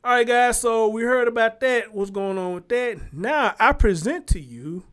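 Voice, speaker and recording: A man hosting his own show, reacting to a news clip with loud, swearing commentary. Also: very high voice, moderate pace, smooth. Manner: animated, swearing, talks back to the clip. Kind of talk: casual commentary.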